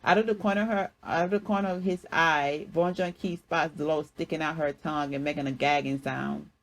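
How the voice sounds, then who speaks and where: A woman artist reading a chapter of her own story aloud in a plain, even way, with small restarts. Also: low voice, fairly quick, poor audio.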